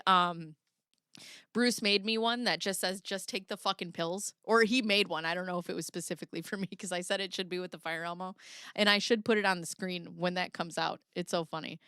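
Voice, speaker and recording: A woman's voice: mid-range voice, sharp tone, smooth, dry recording, clean studio sound. A woman hosting a livestream in casual commentary, laughing often and reading viewer chat aloud. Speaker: livestream host.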